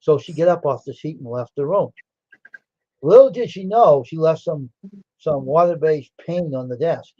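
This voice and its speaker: A man spinning a rambling, animated anecdote in a casual chat. His voice sits a bit high, and the sound is dry and dull, like a cheap stream mic. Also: moderate pace, no room sound. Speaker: livestream host. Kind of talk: casual storytelling.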